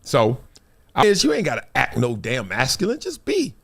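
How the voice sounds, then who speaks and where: A man in his fifties hosting a talk show, telling stories in a casual, animated way and acting out other people's lines. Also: mid-range voice, moderate pace, vocal fry. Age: 50s. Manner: animated storytelling, acts out quoted voices, frequent laughs. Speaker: show host.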